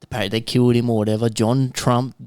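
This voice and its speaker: A man's voice: medium pitch, level tone, fast talker, a little mellow, smooth, no room sound, studio quality. Rambling Australian podcast host man. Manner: rambling, conspiracy storytelling, swears casually. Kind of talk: casual chat.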